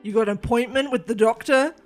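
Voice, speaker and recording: A woman's voice: on the high side, quick pace, soft background music, lightly acted. Woman doing a brusque British alien bouncer. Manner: brusque, gruff doorman talk. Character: big beefy male alien bouncer with a cybernetic arm. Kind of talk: tabletop role-play voice.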